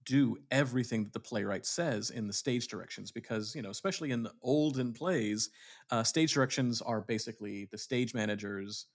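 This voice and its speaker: Speaking a little fast at medium pitch, this man co-hosts a relaxed podcast. He's a theatre director who muses reflectively, frequently breaking off and restarting his sentences as he hunts for the right words.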